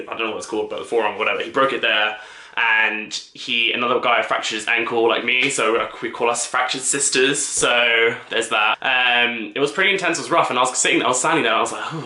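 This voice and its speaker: Young man, camp vlogger, very bright voice, echoey room. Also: mid-range voice. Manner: camp, chatty, lots of fillers. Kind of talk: casual vlog chat.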